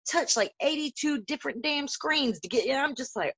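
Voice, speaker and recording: A woman in her thirties hosting a podcast in casual, profane, animated chat, with loud laughs. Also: high voice, unhurried. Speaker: podcast host. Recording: dull lo-fi audio.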